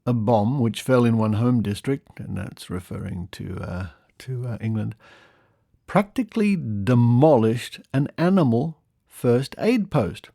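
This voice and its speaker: A man's voice: medium pitch, expressive, unhurried, gravelly, warm tone, dry recording. A man hosting a podcast, reading old newspaper stories aloud and breaking off for dry, wry comments of his own. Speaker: podcast host.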